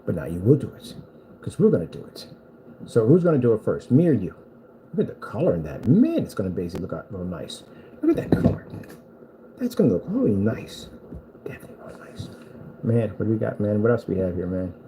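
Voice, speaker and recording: A man's voice: fairly low pitch, big pitch swings, fast talker, mellow, slight background noise, poor audio. A man delivering a boastful, taunting rant at a rival screen maker, repeating himself for emphasis. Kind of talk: trash-talking rant at a rival.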